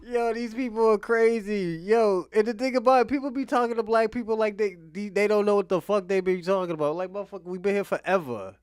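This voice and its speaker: A man's voice: high-pitched, quick pace, few pauses, clean tone. A man hosting casual commentary on clips, laughing often and swearing freely. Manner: laughing often, profane, animated. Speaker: host.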